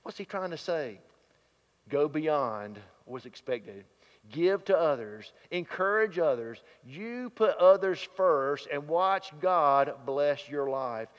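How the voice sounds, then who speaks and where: A man's voice: on the high side, expressive, takes it slowly. A man preaching a sermon in a folksy, plain-spoken way, reading scripture aloud. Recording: dull sound, long hall reverb.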